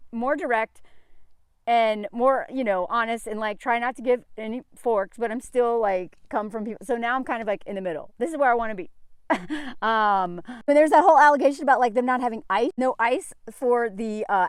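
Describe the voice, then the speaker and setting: American woman vlogging, laughs a lot, kinda high voice, dry close sound. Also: dry recording. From United States. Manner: chatty, laughs often, mimics people in asides. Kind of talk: casual chat.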